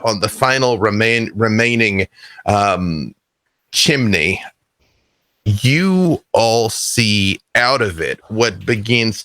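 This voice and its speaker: Male game master, unhurried, bright voice, dry recording. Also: fairly low pitch, no room sound. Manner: measured, vivid storytelling. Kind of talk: descriptive tabletop narration.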